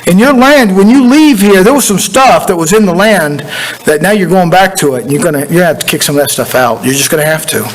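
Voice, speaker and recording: A man's voice: high-pitched, fast talker, rough recording. A man preaching a sermon as pastor, in a folksy, conversational way with repeated phrases. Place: church sanctuary.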